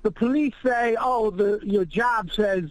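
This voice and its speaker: A brash, foul-mouthed man tells his story in a high voice. He sounds boastful and streetwise, and the recording is dry with no room sound. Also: a little slow, no echo, rough recording. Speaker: show regular telling a story. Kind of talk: casual storytelling chat.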